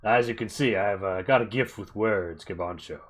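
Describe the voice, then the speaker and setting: A man voicing a scheming, smooth-talking male mercenary boss in a tabletop game, hesitant and full of fillers. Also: lowish voice, normal speed, natural voice. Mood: sly, hesitant.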